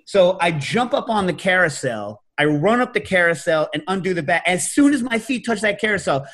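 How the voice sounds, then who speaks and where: A middle-aged man hosts a casual chat with a rather high voice. He talks with animated storytelling energy and sometimes jumps to loud, high-pitched imitations. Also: brisk. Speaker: podcast host.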